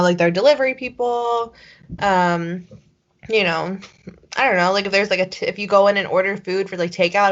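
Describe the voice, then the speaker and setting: A young woman co-hosting a podcast in casual chat, rambling with constant fillers and casual swearing. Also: mid-range voice. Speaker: podcast co-host. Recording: dull lo-fi podcast audio.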